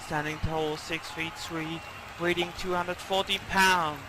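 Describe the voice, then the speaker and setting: A man's voice: fairly high pitch, steady tone, unhurried, background noise. A man working as ring announcer, drawing out formal introductions.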